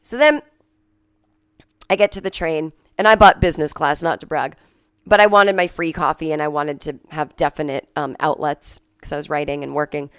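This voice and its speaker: A sick woman hosting a podcast from home, telling a story in a casual monologue, coughing and clearing her throat, and acting out the people she quotes. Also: deep voice, normal speed. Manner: animated, acts out quoted people in a raised voice. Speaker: podcast host.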